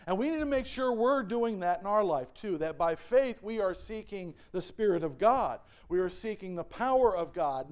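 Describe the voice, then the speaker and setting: High-voiced pastor preaching. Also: male voice, darkish tone, smooth. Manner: asks the congregation questions and acts out quoted voices; reads scripture aloud. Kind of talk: sermon. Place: church.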